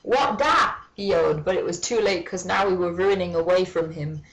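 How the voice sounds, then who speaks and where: A woman's voice: on the low side, fairly even intonation, a little fast, darkish tone, rough recording. A woman giving a mock-dramatic reading of a fan story, breaking off for sardonic, swearing asides. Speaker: comedic reader.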